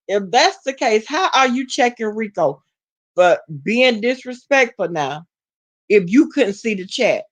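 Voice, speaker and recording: A woman from Alabama with a Southern accent, chatting casually to her live-stream viewers and reading their comments, sassy and quick to laugh. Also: a little high, expressive. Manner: sassy, talks straight to chat, laughs often. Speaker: vlogger reading live chat.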